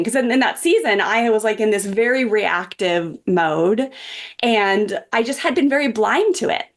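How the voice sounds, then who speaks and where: A woman's voice: medium pitch, expressive, normal speed. A woman in her forties, a parenting coach who is a guest on a podcast, tells a personal story in an earnest, chatty way with many "like" and "um" fillers. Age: 40s.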